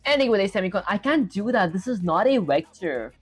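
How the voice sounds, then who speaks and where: A man's voice: sits high, sing-song, quick pace, slightly rough, faint music behind. A young man livestreaming as he codes, thinking aloud and reading out chat to viewers in a casual way. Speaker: livestreaming programmer. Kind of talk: casual live coding chat.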